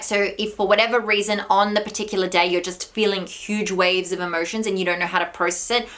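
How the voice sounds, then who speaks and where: A woman's voice: mid-range voice, a bit bright. A woman vlogging advice straight to her viewers, affectionate and encouraging, a little out of breath. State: slightly out of breath. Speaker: vlogger and spiritual coach. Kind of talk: direct-to-camera advice vlog.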